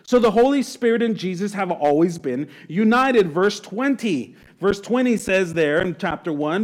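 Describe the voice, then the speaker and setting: A man preaching a sermon as pastor, enthusiastic and animated, reading scripture aloud and then expounding on it. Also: sits high, normal speed, few pauses.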